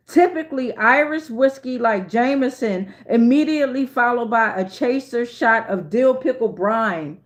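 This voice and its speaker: A woman's voice: a little high, animated, a little slow. Chatty, cursing woman tarot reader. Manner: chatty, profane, keeps asking "right?". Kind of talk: casual reading to viewers.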